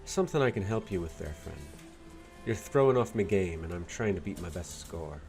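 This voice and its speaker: A man voicing a tough, blunt Irish woman in a video game, with a put-on Dublin accent carrying a Scottish lilt and a rough, salty way of talking. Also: low voice, expressive, a little fast, a little mellow, soft background music. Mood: brusque. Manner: gruff, salty, rough-spoken.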